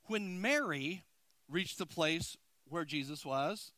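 Preaching slowly with a fairly high, lively voice, a male pastor shifts between loud emphasis and hushed intensity. He repeats words and checks in with his congregation, and the recording sounds dry.

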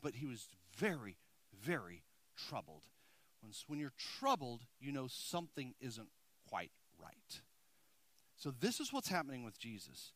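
This pastor's medium-pitched voice comes through with no room sound at all. He alternates loud, emphatic moments with quiet intensity, repeating words and checking on his congregation.

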